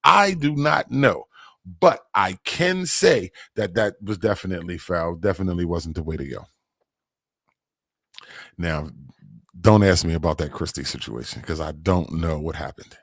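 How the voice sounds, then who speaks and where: Slangy, animated man telling a story. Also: normal speed, breathy edge, dry recording, studio quality. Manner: slangy, animated, rises high when excited. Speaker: livestream host. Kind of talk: casual storytelling on a livestream.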